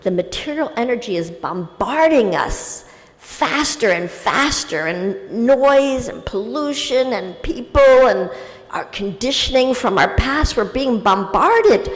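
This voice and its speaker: A woman spiritual teacher answering a question in a gentle, conversational devotional talk, acting out inner voices as she goes. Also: fairly high pitch, animated, takes it slowly. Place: temple hall. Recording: reverberant hall.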